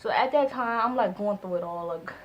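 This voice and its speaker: A woman in her twenties telling a storytime vlog in a casual, animated way, acting out both sides of conversations and filling her speech with "like". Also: medium pitch, fairly quick, muffled recording. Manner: heavy use of "like" as filler. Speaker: vlogger.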